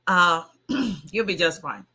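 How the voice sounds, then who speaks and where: Hoarse chatty woman attorney. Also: fairly low pitch, animated, slow pace, bright, forceful tone. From immigrant to the US. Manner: chatty, greets viewers by name. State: hoarse, voice nearly gone. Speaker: immigration attorney. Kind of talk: casual livestream chat.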